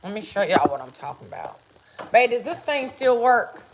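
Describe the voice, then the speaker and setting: A woman with a mid-range voice and moderate pace hosts a casual livestream from her family room, carrying a phone camera around as she talks straight to viewers. She's animated and chatty, and the room sounds echoey with some noise.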